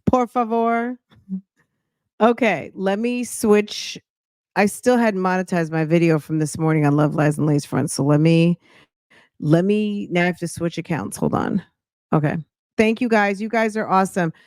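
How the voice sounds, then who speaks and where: A woman's voice: fairly low pitch, moderate pace, a little mellow, dry recording, clean studio sound. A woman hosting a casual live-stream reaction chat, greeting viewers by name and thinking aloud as she reads.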